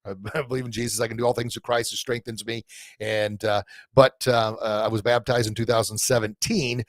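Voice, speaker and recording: A middle-aged man of ordinary pitch hosts a live podcast stream in front of a camera mic. He rambles heartfelt, full of fillers and restarts. The sound is dry and close. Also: flat delivery, brisk, dry recording. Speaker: podcast host and coach. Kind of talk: live-streamed casual talk to listeners. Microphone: camera mic in front of him.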